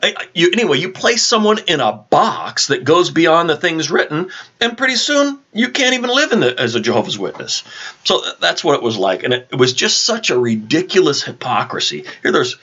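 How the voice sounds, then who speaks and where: Husky man telling a rambling story. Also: on the high side, fairly quick. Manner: rambling, animated anecdote-telling with frequent restarts. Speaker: vlog host. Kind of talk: casual storytelling chat. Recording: dull lo-fi recording.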